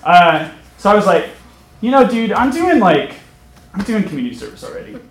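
Onstage before a live audience, a young man tells a personal story, chatty and self-mocking, laughing as he talks. His high voice is very animated and brisk, recorded in an echoey room with a little hiss or hum.

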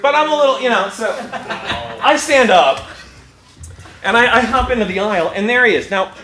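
A man telling a funny story live on stage, animated, breaking into laughter and restarting sentences. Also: extremely high pitch, moderate pace, over music. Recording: echoey room with background noise.

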